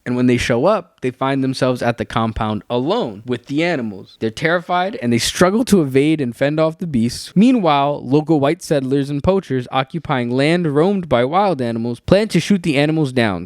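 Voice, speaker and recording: A young man giving ranting, sarcastic commentary, animated and full of swearing. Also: mid-range voice, no room sound, clean studio sound. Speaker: YouTuber.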